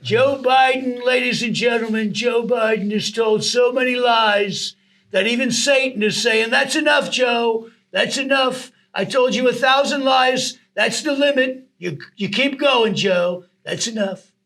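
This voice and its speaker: A man doing an impression of a blustering older male politician, shouting slowly and emphatically. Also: very high-pitched, voice pushed up, full character voice, rough recording. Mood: ranting.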